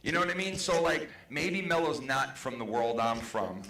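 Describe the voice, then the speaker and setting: Grown man, gravelly and a touch high, casual and defensive, swearing on an echoey call. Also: expressive, normal speed, fairly bright tone. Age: adult. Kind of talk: heated podcast debate. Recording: echoey room.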